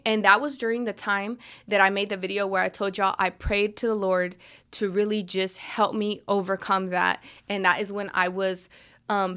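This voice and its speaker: A woman's voice: medium pitch, a bit bright. A woman hosting a podcast, telling a personal story in a frank, emphatic way and swearing freely. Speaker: podcast host.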